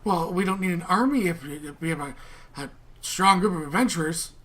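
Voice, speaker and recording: A man narrating a tabletop game as game master, animated, slipping into the genies' sing-song voices. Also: high voice, a little fast.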